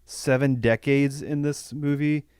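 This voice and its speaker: A man co-hosting a podcast in casual chat, earnest and halting, steering the discussion. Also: mid-range voice, steady tone, a little mellow, clean tone, no room sound. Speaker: podcast co-host steering the talk.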